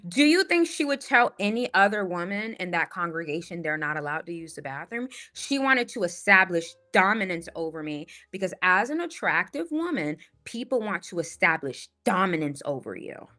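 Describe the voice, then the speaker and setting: A woman's voice: fairly low pitch, sing-song, normal speed, hardly any pauses, sharp tone, faint music behind. A woman who works as a spiritual life coach tells a story in a casual monologue, assertive and emphatic, often asking "right?".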